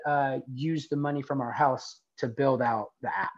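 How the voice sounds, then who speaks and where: A man's voice: on the high side, steady tone, moderate pace, hardly any pauses, lo-fi sound. A man, the founder of a nonprofit, earnestly telling a personal story in a conversation, with lots of "like" fillers. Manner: earnest, rambling, many "like" fillers.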